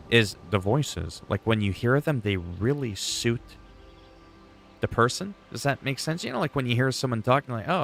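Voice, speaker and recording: Male streamer, lowish voice, loose rambling chat over gameplay, faint background hum. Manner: rambling, thinking out loud.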